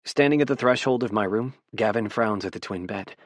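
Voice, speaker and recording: A man narrating a romance audiobook in the first person, soft and intimate in delivery. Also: fairly low pitch, a little fast, hardly any pauses, no echo, studio quality.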